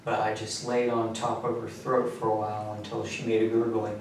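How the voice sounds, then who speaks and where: A man in a police interrogation room, recounting events flatly and matter-of-factly, his voice often trailing off low. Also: a little fast. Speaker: suspect confessing. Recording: echoey room, mic far off, faint noise.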